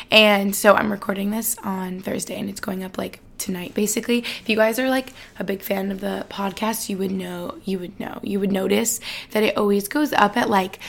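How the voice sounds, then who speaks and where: A woman in her twenties hosting a casual solo podcast, chatting fast with lots of fillers and sounding a little out of breath. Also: mid-range voice, vocal fry. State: slightly out of breath. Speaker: podcast host.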